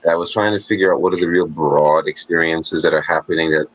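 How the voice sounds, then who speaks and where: A man's voice: extremely low pitch, steady tone, quick pace, no room sound, low-quality recording. A man in casual conversation, talking emphatically and thoughtfully about everyday manners.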